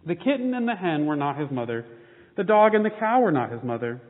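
A man giving a children's sermon, reading a picture book aloud before turning to the day's scripture. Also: fairly quick. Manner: animated read-aloud. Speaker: pastor. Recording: phone-like boomy hall sound.

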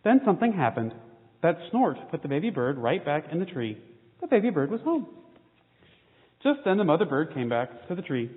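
A man giving a children's sermon, reading a picture book aloud before turning to the day's scripture. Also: normal speed. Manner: animated read-aloud. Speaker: pastor. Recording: phone-like boomy hall sound.

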